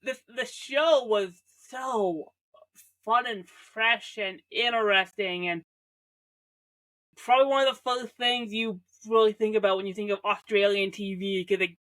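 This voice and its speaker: A young Canadian woman with a medium-pitched, slightly bright voice talks unhurriedly while reviewing an old teen show. She rambles chattily, restarts sentences, leans hard on "like," and tosses in jokes.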